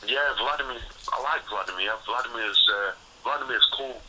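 A man's voice: mid-range voice, moderate pace, pushed and bright, a little hiss or hum, low-quality recording. A man, a retired boxer telling candid stories in a rambling, restarting way. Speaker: retired boxer, interview guest. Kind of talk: casual interview storytelling.

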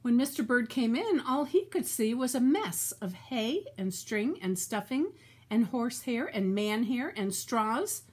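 An older woman reading a children's storybook aloud, slow and expressive, chatting about the story as she goes. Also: fairly high pitch, husky.

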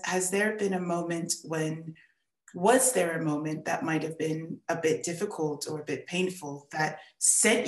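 Encouraging woman teacher in an echoey room. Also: deep voice. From born in England, raised in the United States. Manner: warm, encouraging, repeats words. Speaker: writing workshop teacher. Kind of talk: giving gentle feedback.

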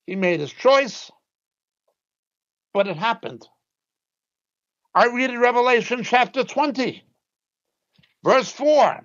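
A man with a high voice preaches with emphatic, insistent force. He drives his points home with sudden drops in pitch. The recording sounds dull and lo-fi. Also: expressive, slow pace, long pauses, a bit bright. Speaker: Bible teacher. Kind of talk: sermon.

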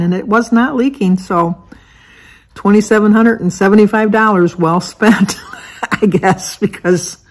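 A woman's voice: lowish voice, a little mellow, rough recording. A chatty woman rambles through her day from behind the wheel of her car, laughing often and tripping over long words. She talks into a phone camera and lets her thoughts wander in an easygoing way. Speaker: vlogger. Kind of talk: casual chatty vlog. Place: in a car while driving.

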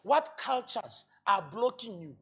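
A male pastor with a Botswana accent preaching a sermon, asking rhetorical questions and building to loud shouts. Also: high-pitched, very animated, unhurried, breathy edge. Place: church hall.

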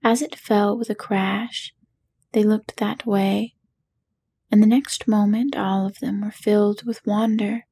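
Bedtime reader, woman, slow whispery narration. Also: mid-range voice, slightly rough. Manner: hushed and soothing. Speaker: audiobook narrator. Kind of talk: soft whispered bedtime reading.

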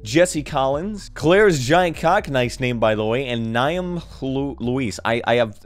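A man hosting a gaming channel, giving sarcastic, excitable game commentary with some swearing. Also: medium pitch, slow.

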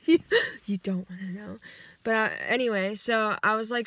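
Casual woman vlogger, rambling, animated quoting, dry close sound, car. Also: mid-range voice, moderate pace, no echo. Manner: rambling and animated, acts out quotes, swears freely. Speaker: vlogger retelling her dreams. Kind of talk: casual storytelling. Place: inside her car.

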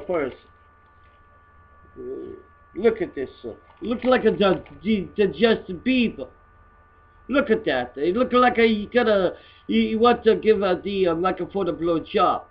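A man doing a crude loudmouth. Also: high voice, highs cut off. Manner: crude, rambling, broken English. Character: crude, rambling immigrant guy mocking photos. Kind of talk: comedy satire monologue.

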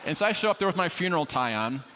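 Fast-talking male pastor in a reverberant hall. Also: fairly high pitch, very animated, very noisy. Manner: humorous, self-deprecating storyteller. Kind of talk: sermon storytelling. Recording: long reverb of a large hall.

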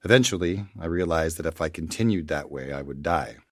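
嗓音极低沉的男士讲述亲身经历. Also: male voice, extremely low pitch, fairly quick, no echo, studio quality. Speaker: testimonial speaker.

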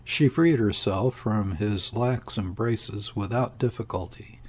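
Husky male audiobook narrator. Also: lowish voice, slow, darkish tone. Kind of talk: scripted narration of a classic novel.

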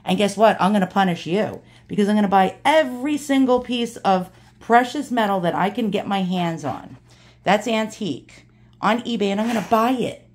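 A woman's voice: medium pitch, moderate pace. A woman hosting a casual unboxing vlog, blunt and indignant, swearing freely. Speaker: antique jewelry vlogger.

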